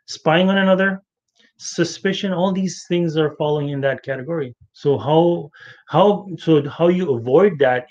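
A man's voice: a little high, a little mellow, muffled recording. A man leading an online religious study group, talking earnestly and repeating phrases for emphasis. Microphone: online voice chat.

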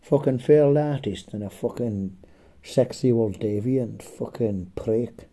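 A comedic storyteller rambles through a crude, profane comic story, swearing freely and chuckling "eh?" after his jokes. He's a bit hoarse, with a husky, rough, very dark voice at medium pitch, and he takes it slowly.

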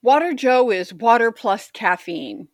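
A woman's voice: fairly high pitch, lively intonation, a little slow, no echo. A woman co-hosting a podcast in casual chat, rambling and self-deprecating. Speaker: podcast co-host.

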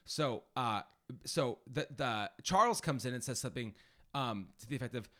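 Bright, lively man podcast co-host. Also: mid-range voice, moderate pace. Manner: playful, teasing, with fillers and restarts. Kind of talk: casual chat.

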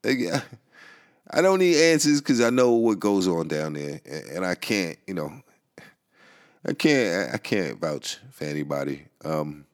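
A man's voice: sits low, sing-song, a little slow. A man hosting a podcast, ranting casually, laughing often and swearing as he rambles. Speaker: podcast host. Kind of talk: casual rant. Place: New York.

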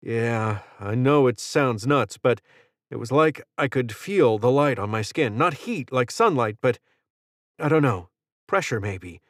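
A man's voice: mid-range voice, lively intonation, unhurried, no room sound, studio quality, close to an everyday voice. A man voicing a nervous young man in an audiobook, speaking hesitantly. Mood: uneasy. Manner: hesitant, uneasy.

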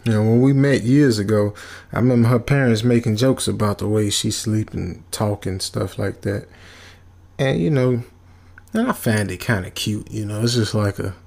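A man's voice: fairly low pitch, vocal fry, darkish tone. A man casually retelling a comic horror story in a loose, rambling way, full of fillers. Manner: loose, rambling, laid-back, with many fillers.

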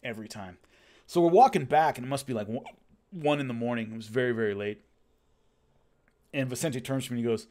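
A man casually recounting his fighting days, lively and acting out what others said, with hiccups. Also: medium pitch, a little fast, long pauses. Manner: animated, acts out quotes of others. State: has hiccups. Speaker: former show fighter telling stories. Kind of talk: casual storytelling.

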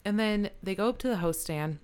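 A woman's voice: mid-range voice, fairly quick, darkish tone, clear, resonant tone. A woman who manages a restaurant, telling a story in a casual chat, swearing freely and laughing often.

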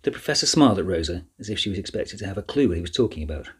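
A man narrating a children's novel in an even, measured storytelling voice. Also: deep voice, slightly rough. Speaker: audiobook narrator. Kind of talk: scripted narration.

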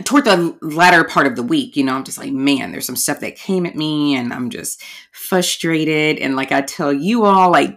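A woman with a notably low voice talks through a solo podcast episode. She is chatty and candid, speaking straight to her listeners and calling them y'all. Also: fairly bright tone. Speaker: podcast host. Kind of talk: casual podcast monologue.

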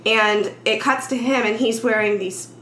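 Woman podcaster, animated storyteller who voices the characters as she goes; echoey room, faint hiss. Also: on the high side, normal speed. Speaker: podcast host recapping a film. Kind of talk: casual chat.

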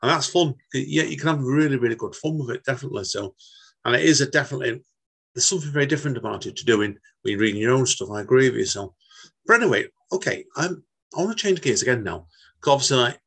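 A man's voice: medium pitch, lively intonation, quick pace, a bit bright, husky. A man hosting a casual poetry podcast interview, chatty and informal. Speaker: podcast host.

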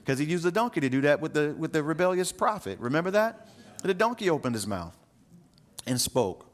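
A man's voice: a little high, big pitch swings, a little fast. A middle-aged man preaching a sermon in a conversational way, with asides to the congregation and words repeated as he finds the next phrase. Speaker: pastor.

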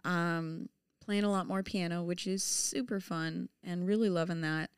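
A woman's voice: lowish voice, fairly even intonation, unhurried, smooth, no echo, studio quality. A woman in her thirties co-hosting a casual chat, laughing often and talking with many fillers and restarts. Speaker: podcast co-host.

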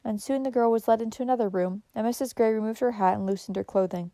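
A woman narrating a story in a measured, gentle reading manner. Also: fairly high pitch, dry recording.

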